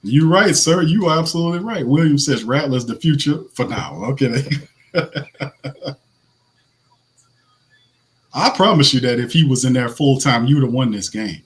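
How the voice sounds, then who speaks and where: A man with a naturally raspy voice hosting casual live fan commentary, animated, blunt and slangy, laughing often. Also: medium pitch, a little slow, pauses often. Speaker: host.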